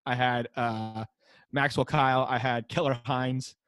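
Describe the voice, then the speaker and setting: American man, teacher telling classroom stories, animated, acts out kids chanting, dry close sound, middle pitch. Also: measured pace, clear, resonant tone, no echo. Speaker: high school teacher and guest. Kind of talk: casual interview storytelling. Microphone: wearing a mic.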